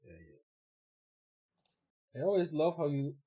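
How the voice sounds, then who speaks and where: A man's voice: a little high, fairly even intonation, measured pace, slightly rough, narrow, tinny audio. A man co-casting a live strategy game match, relaying results and announcements and teasing his partner. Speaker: esports co-caster.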